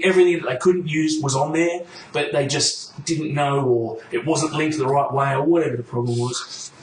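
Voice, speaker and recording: A podcast host tells a story casually and swears freely, acting out both sides of the conversation he's recounting. His voice sits a little high with a steady tone, a moderate pace and hardly any pauses. The recording has a roomy echo and faint noise.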